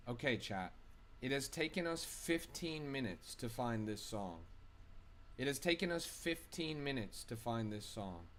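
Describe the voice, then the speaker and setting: A man live streaming, ranting angrily and profanely at his chat. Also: mid-range voice.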